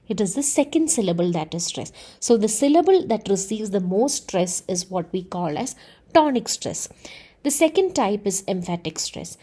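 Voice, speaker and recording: A woman's voice: medium pitch, mellow. A woman teaching a lesson on speech sounds, explaining carefully with frequent "uh" and "okay" checks. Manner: measured, explanatory, filler "uh" and "okay". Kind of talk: explaining phonetics.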